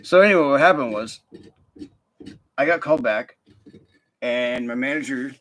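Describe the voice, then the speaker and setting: A man's voice: mid-range voice, moderate pace, fairly bright tone. A young man telling a work story in a casual, profane, rambling rant full of fillers and restarts. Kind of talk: casual ranting monologue.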